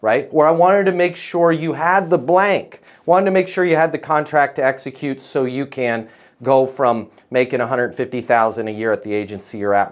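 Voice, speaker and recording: A man coaching salespeople on a live video call, emphatic and punchy, checking in with "right?" and "okay?" as he goes. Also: medium pitch.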